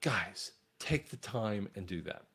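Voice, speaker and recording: A man's voice: lowish voice, expressive, slow pace, a bit bright, slightly rough. A man talking straight to his viewers in an earnest monologue on faith, often repeating a word as he restarts. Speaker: online commentator.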